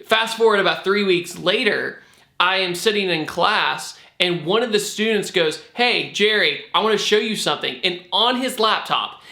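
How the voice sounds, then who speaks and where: A young man telling a storytime vlog, animated and acting out the people in it. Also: high voice. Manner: animated, acts out quotes. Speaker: vlogger. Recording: echoey room.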